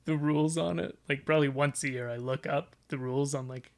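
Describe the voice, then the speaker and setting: A man's voice: medium pitch, fairly even intonation, a little fast, vocal fry. A young man chatting as a guest, rambling with lots of "like" fillers. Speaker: podcast guest. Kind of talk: casual chat.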